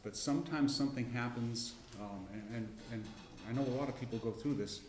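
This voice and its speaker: A middle-aged man teaching a casual Bible class, folksy and rambling, with frequent restarts and throat clearing. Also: mid-range voice, a little fast, darkish tone, roomy sound. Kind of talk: casual Bible lesson with personal story. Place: church classroom.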